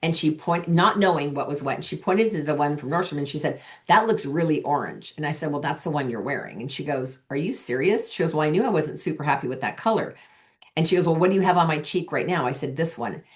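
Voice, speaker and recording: Low-voiced chatty woman coaching. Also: fast talker. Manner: chatty, acts out quoted dialogue. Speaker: sales coach. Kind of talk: coaching talk with anecdotes.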